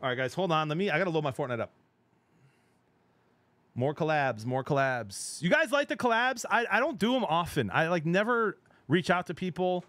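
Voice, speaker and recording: Excitable middle-aged man chatting on stream. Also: on the high side, dry recording. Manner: chatty and excitable, laughs often, trails off mid-sentence. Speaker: game streamer. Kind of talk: casual live-stream chat.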